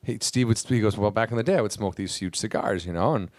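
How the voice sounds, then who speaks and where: A man hosting a podcast, telling loose, profane stories in casual chat and slipping into quick impressions. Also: lowish voice, darkish tone, no echo. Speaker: podcast host.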